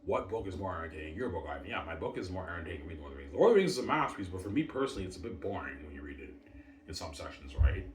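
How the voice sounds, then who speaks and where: A man's voice: low voice, sing-song, rapid-fire. A man hosting a casual solo livestream, boasting over and over and calling out to his viewers. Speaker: livestream host. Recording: roomy, distant mic.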